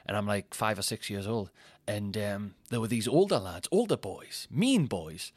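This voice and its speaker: Comedian in his 30s, lowish voice, dry close sound, rambly and laughing at himself. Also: animated, moderate pace, darkish tone, husky, no echo. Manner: rambling, self-mocking, laughs at his own stories. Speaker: comedian and podcast host. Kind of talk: casual anecdotal chat.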